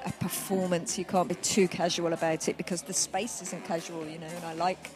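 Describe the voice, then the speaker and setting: A woman, a comedian, talking about performing in an interview, thoughtful and measured. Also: fairly low pitch, little pitch movement. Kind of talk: casual interview. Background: music.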